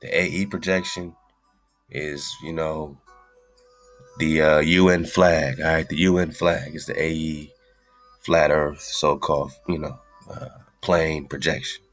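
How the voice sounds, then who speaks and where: A man's voice: a bass voice, little pitch movement, measured pace, faint music behind. A man hosting an internet radio show, talking in loose, slangy, rambling casual chat and calling his listeners "man.". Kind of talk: casual livestream talk.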